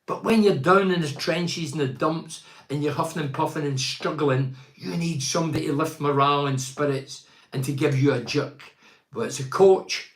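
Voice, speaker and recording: Emphatic football pundit in an echoey room. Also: male voice, on the high side. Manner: emphatic and rhetorical, piles up repeated phrases. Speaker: football podcast host. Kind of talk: opinionated football chat, reading out listener comments.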